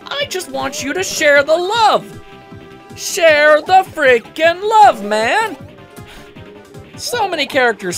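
A woman commentating over a game in a ranting, animated way, full of asides. Her voice is high and leaps all over the place, with soft music playing faintly beneath. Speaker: let's play commentator. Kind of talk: gameplay commentary rant.

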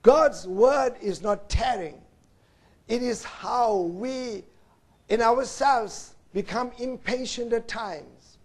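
A man with a very high-pitched voice preaches a sermon at a slow, deliberate pace. He swings between loud, emphatic lines and hushed, low passages, and he keeps calling out to his listeners as brothers and sisters. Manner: repeats "brothers and sisters" as an address.

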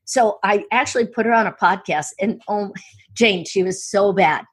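A woman speaking coach telling stories in an interview, excitable and full of quick restarts and asides. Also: medium pitch, husky. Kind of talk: enthusiastic interview storytelling.

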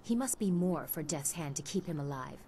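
A woman's voice: sits low, animated, fairly quick, mellow, a little hiss or hum. An actress voicing a poised, aloof noblewoman warrior with formal, haughty diction in a video game. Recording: game audio with score. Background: game music.

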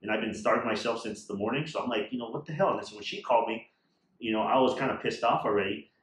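A man rattles off his story at a quick clip, blunt and openly annoyed, with plenty of swearing. His voice bounces around an echoey room, and a faint noise sits underneath. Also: on the low side. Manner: blunt and irritated, swears freely. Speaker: vlogger sharing a surgery trip story. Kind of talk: casual storytelling chat.

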